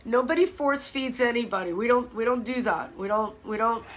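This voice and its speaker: A woman's voice: on the high side, normal speed. A middle-aged woman fitness coach chatting casually to viewers on a live stream from her phone. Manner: chatty, animated, talks straight to viewers.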